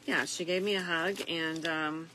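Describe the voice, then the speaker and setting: A tired middle-aged woman chatting softly and reflectively as she makes a wreath, with plenty of fillers along the way. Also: sits low, fairly even intonation, measured pace, noisy background. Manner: soft-spoken and reflective, with frequent fillers. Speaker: craft vlogger. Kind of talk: casual crafting chat.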